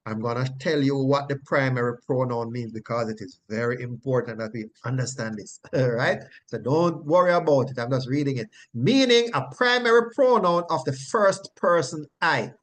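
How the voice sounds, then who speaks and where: A man's voice: mid-range voice, animated, normal speed, hardly any pauses. A man teaching a Bible study, emphatic and repetitive, checking in with "right?" and chuckling as he explains. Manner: chuckles often while explaining.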